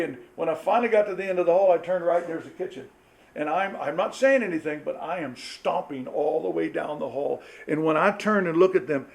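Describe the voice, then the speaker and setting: A man's voice: high voice, gravelly, a little mellow, low-quality recording. A middle-aged man speaking to a church marrieds group, telling folksy stories with laughs and acted-out quotes. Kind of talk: storytelling sermon talk.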